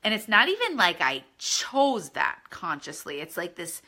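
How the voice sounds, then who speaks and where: Leading a spiritual course, this woman talks earnestly and conversationally, frequently checking in with her listeners in a casual teaching style. Her voice sits on the low side, pushed and bright, with huge swings in pitch and a measured pace.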